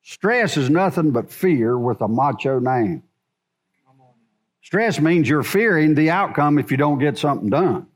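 Preacher man in church, slowish, voice goes up and down a lot, asks the crowd questions. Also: a little high. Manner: animated preaching, rhetorical questions to the congregation. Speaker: pastor. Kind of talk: sermon.

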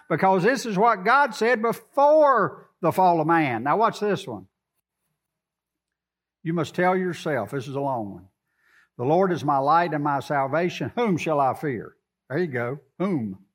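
A man preaching with a high voice and a drawl. He quotes scripture and talks to the congregation in a loose, conversational way. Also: fairly bright tone. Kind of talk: sermon.

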